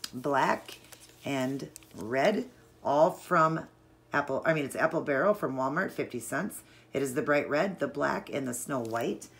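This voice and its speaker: Low-voiced woman explaining nail art. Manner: chatty, relaxed, explains while working. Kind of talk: casual step-by-step tutorial.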